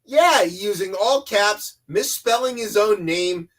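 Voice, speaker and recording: A man's voice: high-pitched, expressive, slow pace, fairly bright tone. A man co-hosting a comedy news podcast, talking in a sarcastic, rambling way. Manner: sarcastic, rambling, does mocking voices. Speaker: podcast co-host.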